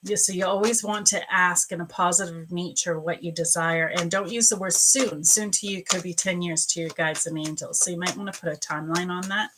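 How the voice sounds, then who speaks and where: A woman's voice: on the low side, fairly even intonation, a little fast, hardly any pauses, noisy background. A woman hosting a live stream as a psychic reader, chatting and greeting viewers by name between angel card readings.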